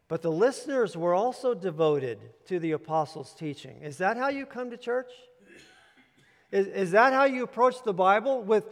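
Emphatic pastor in a reverberant hall. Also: male voice, high-pitched, expressive, moderate pace. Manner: emphatic, repetitive, directs listeners to underline. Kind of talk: sermon with handouts.

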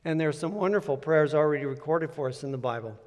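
A man's voice: on the high side, fast, darkish tone. A male pastor preaching a sermon in an earnest, conversational way, repeating key points for emphasis. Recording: long reverb of a large hall.

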